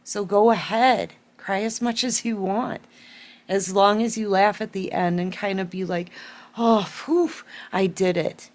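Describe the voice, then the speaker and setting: Woman tarot reader, unhurried, close to tears, repeats herself for emphasis. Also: mid-range voice, steady tone. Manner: emotional, tearful, repeats phrases for emphasis. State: holding back tears. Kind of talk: collective tarot reading to camera.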